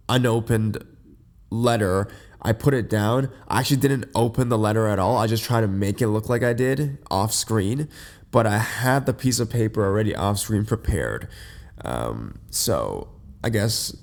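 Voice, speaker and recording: Male podcast host, just out of bed: deep, groggy, a bit stuffy, rambling and full of fillers. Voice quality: deep, slightly congested. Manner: rambling, many fillers and restarts. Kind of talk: casual unscripted podcast monologue. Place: in bed at home.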